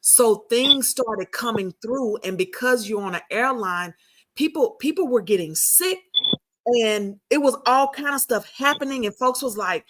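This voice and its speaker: A woman's voice: fairly high pitch, expressive, unhurried, a bit bright. A middle-aged woman, hosting a podcast and telling a heartfelt story in a casual chat, full of restarts. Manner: emotional storytelling with many restarts. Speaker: podcast host.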